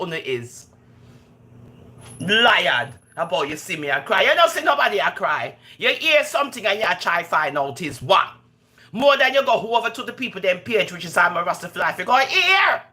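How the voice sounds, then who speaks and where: Jamaican woman, livestream host, lively swinging delivery, bright edge. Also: moderate pace. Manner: animated, scolds viewers in patois, swooping pitch. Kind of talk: casual live stream chat.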